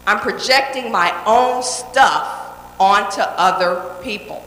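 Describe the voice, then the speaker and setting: A woman's voice: mid-range voice, takes it slowly, a bit bright. A woman giving a motivational talk to a live audience, direct and emphatic, repeating key phrases and checking in with the crowd. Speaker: motivational speaker. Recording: echoey hall with long reverb.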